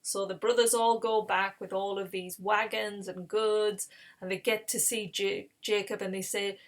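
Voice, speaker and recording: A woman casually retelling a Bible story in her own words, animated and acting out the characters as she goes. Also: medium pitch, measured pace. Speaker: Bible reading series host.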